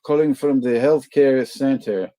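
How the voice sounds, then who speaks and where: A man's voice: mid-range voice, a little slow, mellow, voice pushed up, lightly acted. A man voicing a polite, hesitant male call-center worker.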